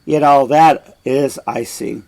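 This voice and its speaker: A man reading a queen mother's lines in a raised, slightly higher voice. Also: slow pace, gravelly, a little mellow. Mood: incredulous. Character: queen mother, pleading and alarmed.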